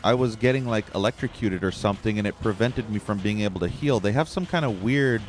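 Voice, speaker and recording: A man's voice: lowish voice, fairly quick, faint music behind. A man giving live gameplay commentary, swearing and ranting in frustration at the game. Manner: profane, ranting, easily frustrated. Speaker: gameplay streamer.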